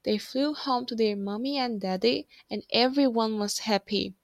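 A woman voicing a kind, motherly young girl in a storybook reading, speaking gently and reassuringly. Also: on the high side, moderate pace, no room sound, studio quality, lightly acted.

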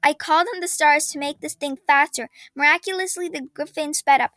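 Bright high-voiced woman reading a story. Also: brisk, no echo. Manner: expressive, acting out dialogue loudly. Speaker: story reader. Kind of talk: first-person fantasy story reading.

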